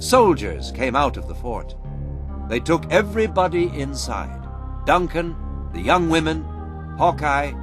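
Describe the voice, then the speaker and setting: A man narrating a storybook in a slow, expressive reading. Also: on the high side, over music.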